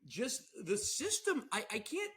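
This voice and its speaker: Bright-voiced, animated young man. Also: very high voice, measured pace. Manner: animated, laughing, rambling with restarts. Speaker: podcast co-host. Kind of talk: casual chat.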